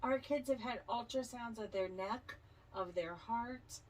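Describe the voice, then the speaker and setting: A woman's voice: fairly high pitch, measured pace, a little mellow, distant mic, low-quality recording. A woman co-hosting a casual podcast, teasing her partner and cutting in with quips. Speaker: podcast co-host. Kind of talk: casual chat.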